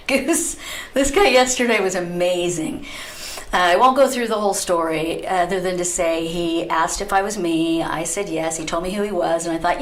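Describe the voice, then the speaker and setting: A middle-aged woman hosting a talk radio show, telling a story in a lively, chatty way and often breaking into laughter. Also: mid-range voice, moderate pace. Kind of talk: casual talk radio monologue. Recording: roomy echo.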